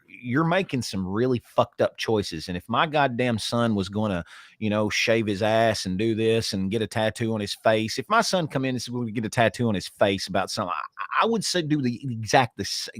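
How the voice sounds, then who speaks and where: A man's voice: fairly low pitch, expressive, moderate pace, fairly bright tone, dry recording, clean studio sound. A middle-aged man co-hosting a podcast, talking in a rambling, profane way with many stammered restarts. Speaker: podcast co-host. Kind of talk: casual political chat.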